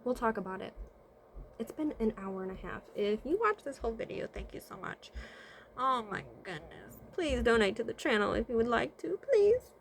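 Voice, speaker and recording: Her voice is a little high, gravelly, and a bit bright, with lively intonation at a moderate pace and slight background noise behind it. This woman is a vlogger and spiritual consultant talking casually to camera about life advice. Rhetorical questions, "right?" check-ins, and frequent thinking-aloud hums of "mm-hmm" mark her delivery.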